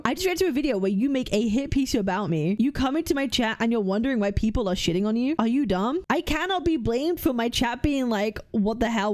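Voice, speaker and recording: Woman streamer, heated and blunt, swears freely, voice on the high side. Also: darkish tone. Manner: blunt, heated and profane, arguing with chat. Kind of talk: livestream reaction commentary.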